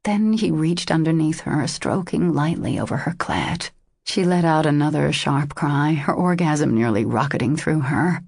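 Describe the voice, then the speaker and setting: A woman narrating a romance audiobook in a slow, intimate reading. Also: low voice, lively intonation, gravelly, darkish tone, slightly rough, no room sound.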